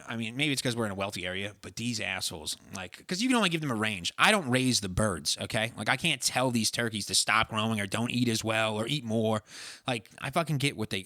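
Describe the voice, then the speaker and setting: Young male podcast host, fast-talking, swears freely, bright edgy tone. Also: mid-range voice, no room sound, clean studio sound. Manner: ranting, sweary, mimics people in voices. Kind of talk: casual chat.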